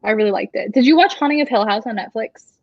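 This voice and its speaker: A woman's voice: fairly high pitch, quick pace, no echo. A young woman chatting casually, her speech loose and full of fillers. The sound is dull and lo-fi, and completely dry, with no room in it. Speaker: author hosting a release-day livestream. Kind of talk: casual chat.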